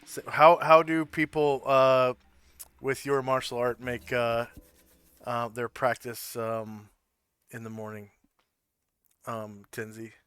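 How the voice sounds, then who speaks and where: A man narrating a tabletop game as game master, describing scenes in an unhurried, loosely improvised way. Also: medium pitch, level tone, fairly bright tone, clear, resonant tone, no echo.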